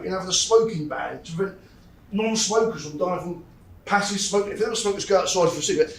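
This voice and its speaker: A southern English man in his forties doing stand-up, his voice high and gravelly as he rambles, mocks himself and chuckles at his own lines. He is heard from a little way off the mic in an echoey club room with a faint hum of ambience. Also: a bit bright, far from the mic. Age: 40s. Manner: rambling, self-mocking, laughing at own jokes. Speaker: stand-up comedian. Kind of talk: stand-up comedy set. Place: comedy club stage.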